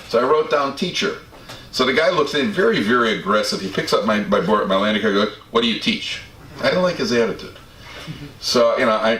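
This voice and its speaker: Male rabbi-lecturer, anecdotal and wry; deeper voice, faint room hum behind. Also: fairly bright tone. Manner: anecdotal, self-deprecating humor with frequent restarts and stammers. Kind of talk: storytelling talk to an audience. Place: community study hall. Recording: roomy hall from a distance, faint background ambience.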